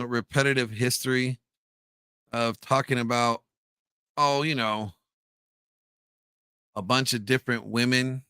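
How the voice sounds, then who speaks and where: Man, stream host, casual halting chat, resonant voice, dead dry mic. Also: medium pitch, pushed and bright, clear, resonant tone, no echo. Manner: loose, halting, many fillers.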